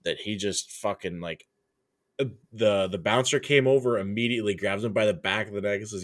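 Chill low-ish voiced dude telling a bar story, swears a lot, laughs easy. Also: male voice, fairly quick. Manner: laid-back, laughing, profane. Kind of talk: casual storytelling.

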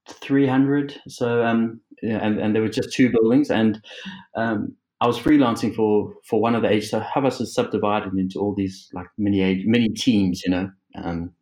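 A man's voice: on the low side, a little mellow, rough recording. A South African man chatting as an interview guest, rambling with many fillers, laughing often and swearing casually.

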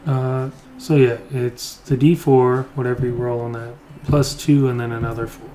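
A man's voice: mid-range voice, level tone, normal speed, mellow, slight background noise. A man narrating as game master of a tabletop game, hesitant, with many fillers and restarts.

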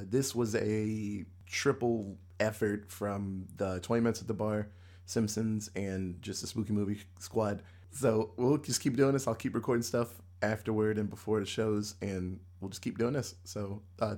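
A man's voice: lowish voice, moderate pace. A man hosting a podcast, telling rambling stories in casual banter with friends. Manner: rambling, animated storyteller. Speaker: podcast host.

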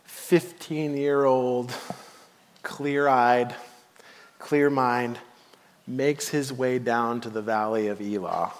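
A man's voice: medium pitch, steady tone, slow, long pauses. Male pastor preaching in a reverberant hall. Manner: storytelling, swings between hushed and emphatic. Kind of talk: sermon.

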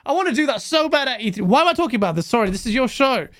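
Animated British man telling stories. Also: very high voice, rapid-fire, dry recording, clean studio sound. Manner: animated storytelling, swearing freely. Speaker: podcast guest. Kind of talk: casual chat.

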